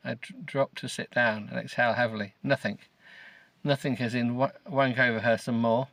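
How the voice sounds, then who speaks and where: A man's voice: mid-range voice, steady tone, normal speed, vocal fry, a bit bright, dry recording. A middle-aged man hosting a podcast, reading a novel aloud with sarcasm, swearing and stumbling over words. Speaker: podcast host. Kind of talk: mocking comedic reading of a novel.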